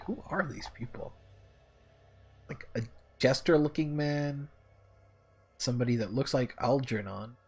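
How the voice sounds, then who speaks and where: A man's voice: medium pitch, husky. A man casually commenting on a game he plays, chatty and laughing at himself. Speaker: let's play host.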